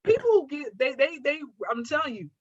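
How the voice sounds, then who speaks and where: A woman comedian guesting on a podcast, telling stories in a lively, animated way in casual chat. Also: normal speed, dry recording, highs cut off. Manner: animated storyteller with big pitch jumps.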